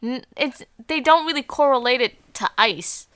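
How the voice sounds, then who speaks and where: Young woman, high voice, dry close sound, blunt teasing slangy chat. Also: normal speed, bright, forceful tone, clear, resonant tone, no echo. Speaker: podcast co-host. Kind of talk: casual chat.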